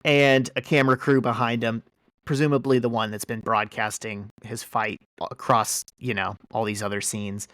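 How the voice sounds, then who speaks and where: Man, podcast host, casual chat, animated storytelling, lots of fillers, mid pitch, dry close sound. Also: moderate pace, no room sound. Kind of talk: casual chat recapping a comic.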